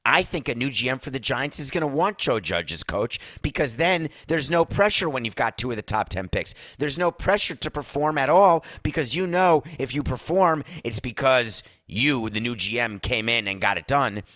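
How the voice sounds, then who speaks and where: A man's voice: medium pitch, lively intonation, moderate pace, hardly any pauses, a bit bright, no echo, studio quality. A man hosting a sports talk podcast, ranting emphatically with sarcastic asides. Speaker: host.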